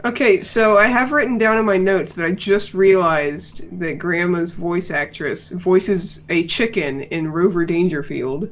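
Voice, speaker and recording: A woman's voice: lowish voice, a little slow, few pauses. A woman co-hosting a casual podcast, chatting and laughing often as she reviews a cartoon episode. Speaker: podcast co-host.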